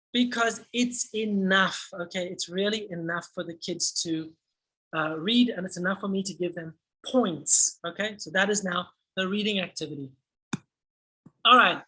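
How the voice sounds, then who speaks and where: Energetic woman teacher trainer with a bright voice, walking colleagues through a lesson. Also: medium pitch, low-quality recording. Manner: energetic, acts out classroom prompts.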